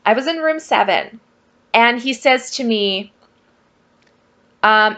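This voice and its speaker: A woman telling a personal story to her viewers in a casual vlog, animated and exasperated. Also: fairly high pitch, slow, long pauses. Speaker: vlogger.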